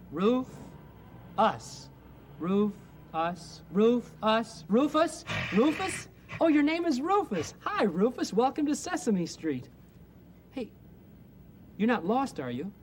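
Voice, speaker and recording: A man hosting a children's TV show, speaking in a gentle, soft-spoken and coaxing way. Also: high voice, a little hiss or hum. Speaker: host. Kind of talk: children's TV presenting.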